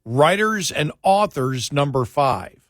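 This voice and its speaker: A man's voice: on the high side, very animated, takes it slowly, dry recording, clean studio sound. A man hosting an overnight radio talk show, reading a list aloud and trading quips, his speech speeding up when he gets annoyed. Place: radio studio. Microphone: studio microphone.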